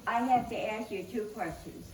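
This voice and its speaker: A woman voicing a calm elderly nun in a joke, speaking gently and softly. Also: on the high side, moderate pace, reverberant, recorded from a distance, slight background noise, natural voice, rough recording. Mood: gentle.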